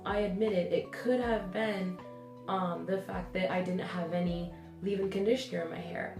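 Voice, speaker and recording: Young woman vlogging, stuffy nose from the flu, low voice, roomy sound, music playing under her. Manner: chatty, hesitant, many ums. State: nasal from the flu. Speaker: hair care vlogger. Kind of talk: casual talking-to-camera vlog.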